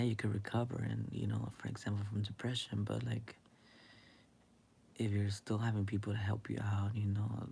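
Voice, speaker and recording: A young man rambling in a late-night monologue, hesitant and halting, with many fillers, often dropping into a whisper. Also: fairly low pitch, vocal fry, mellow, slight background noise. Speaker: vlogger.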